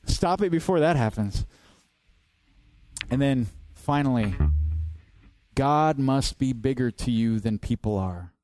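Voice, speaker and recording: A man's voice: medium pitch, expressive, slow pace, long pauses, a little mellow. A man preaching a sermon as pastor, earnest and direct, driving points home with rhetorical questions.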